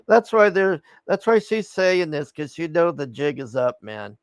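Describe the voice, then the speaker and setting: A man's voice: fairly high pitch, slow, dry recording. A man reacting to a video in a casual, scoffing, profane rant.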